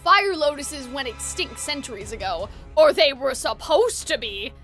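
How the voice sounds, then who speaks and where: Malleus, a woman doing a calm learned sorcerer. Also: sits high, faint music behind, voice pushed down. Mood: calm explaining. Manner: measured, explanatory, composed.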